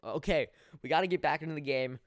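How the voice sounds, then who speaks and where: A young man commentating his own football video game in a mock sports play-by-play style, jokey and laughing at his plays, swelling with excitement on big moments. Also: a little high, fast talker, no echo, studio quality. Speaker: gameplay commentator.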